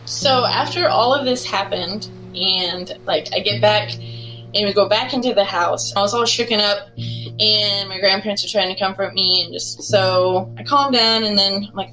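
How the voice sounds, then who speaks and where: A woman's voice: normal speed, low-quality recording. Rambling woman telling a ghost story. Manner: rambling, heavy use of "like" fillers; animated retelling with bursts of rising pitch. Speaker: caller sharing a true ghost story. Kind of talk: casual spoken storytelling. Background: faint music bed.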